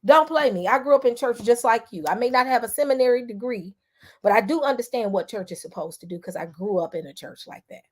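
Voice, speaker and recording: A woman's voice: fairly high pitch, fast talker. A woman vlogger giving casual commentary to her viewers, talking emphatically and repeating herself with many restarts. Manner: emphatic and repetitive, with frequent restarts; addresses the viewers directly.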